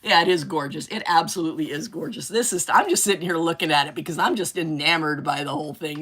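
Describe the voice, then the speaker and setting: A woman's voice: deep voice, lively intonation, fairly quick, few pauses, fairly bright tone, husky. A woman hosting a live crafting stream, chatting casually and rambling, often gushing with delighted exclamations. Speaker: craft livestream host.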